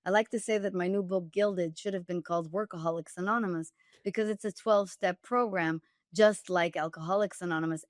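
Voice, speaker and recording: A woman's voice: lowish voice, no room sound, studio quality. A woman dating coach and author, speaking directly and emphatically as a guest, with wry humor. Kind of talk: candid storytelling interview.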